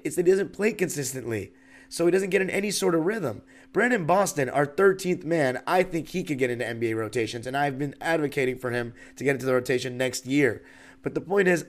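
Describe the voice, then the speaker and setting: Animated man arguing sports takes. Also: fairly high pitch. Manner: animated, argumentative, talks to listeners directly. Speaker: podcast host. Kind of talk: sports podcast commentary.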